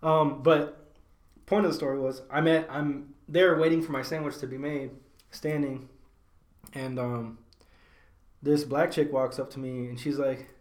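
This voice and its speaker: Recorded in an echoey room, a young podcast host talks casually and slangily, swearing often and using many fillers. He speaks unhurriedly with frequent pauses, in a mid-range voice with fairly even intonation.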